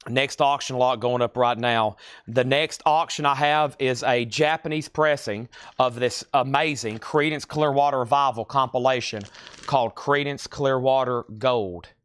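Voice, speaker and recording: A man with a rural American country accent, hosting a live-stream record sale and calling out titles and prices in brisk patter with dry, joking asides. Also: mid-range voice, steady tone, fairly bright tone, clean tone, no echo. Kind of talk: live auction sales patter.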